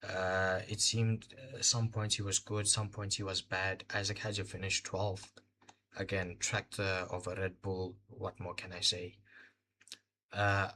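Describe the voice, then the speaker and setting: A man's voice: fairly low pitch, a bit bright, slight background noise. A tired young man from Botswana hosting a casual live race recap, hesitant and full of fillers as he fumbles for words. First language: Indian heritage, speaks Hindi. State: tired, short on sleep. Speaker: host of a live race watch-along.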